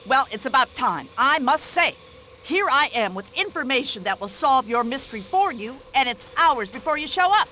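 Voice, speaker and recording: Brassy older American widow, game role, bright lively nagging voice. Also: female voice, high voice, normal speed, slight background noise, heavily acted. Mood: indignant. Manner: indignant, nosy, fussy complaining chatter. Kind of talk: video game voice acting.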